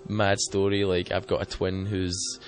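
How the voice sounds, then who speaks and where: A man's voice: sits low, monotone, a little slow. A man, a guitarist and singer, answering interview questions in a rambling, self-deprecating way. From Scotland.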